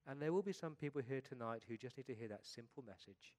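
A middle-aged pastor preaching an earnest sermon at a middle pitch, letting his voice fall soft at the close of each point. He talks steadily and sincerely to his congregation. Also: animated, fast, hardly any pauses.

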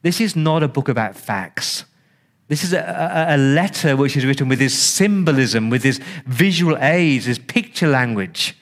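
Preaching at a moderate pace, this man sounds animated as he talks to his congregation conversationally. He repeats words and plays out the audience's reactions with wide pitch swings.

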